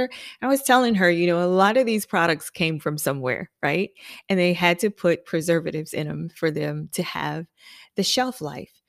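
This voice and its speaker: A woman's voice: lowish voice, a little fast, vocal fry, no echo, clean studio sound. A woman who owns a salon, talking conversationally and with emphasis as she gives business advice on her podcast, often checking in with listeners. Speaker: salon owner and hairstylist educator. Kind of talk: motivational business podcast talk.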